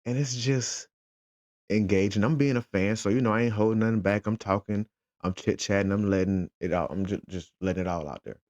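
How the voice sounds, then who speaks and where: Father, very low voice, dry slightly muffled sound, lively storyteller. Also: brisk, no room sound. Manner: animated, retells conversations in quotes. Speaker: father and football fan. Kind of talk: casual storytelling vlog.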